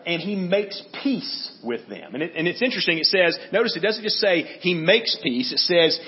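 Guy preaching a sermon, lively up and down voice, kinda muffled lo-fi sound. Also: on the high side. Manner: conversational teaching, frequent "right?" checks. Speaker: pastor. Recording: dull lo-fi audio.

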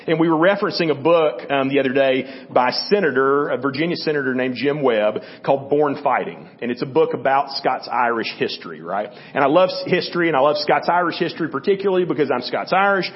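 A man's voice: mid-range voice, fairly quick, few pauses, muffled recording. A man giving a conversational Bible teaching, often checking in with his listeners by asking "okay?" and "right?". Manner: conversational, with restarts and fillers. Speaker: church teacher.

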